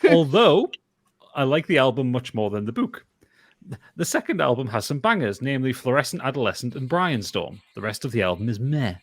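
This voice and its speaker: Brief: Northumbrian male podcast co-host, mid-pitched, dry close sound, halting delivery. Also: sing-song, no room sound. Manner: halting, with frequent restarts when reading aloud. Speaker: podcast co-host reading listener posts. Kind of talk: casual podcast chat.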